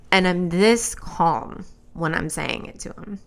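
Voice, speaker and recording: A woman host telling a personal story as commentary, in an animated, blunt and exasperated way. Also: on the low side, slow, gravelly, few pauses.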